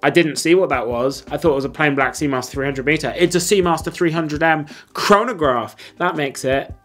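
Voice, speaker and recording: A man's voice: on the high side, fairly quick, a bit bright, faint music behind. A man hosting a casual watch ranking video, who talks in blunt, slangy, enthusiastic bursts with plenty of fillers. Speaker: host.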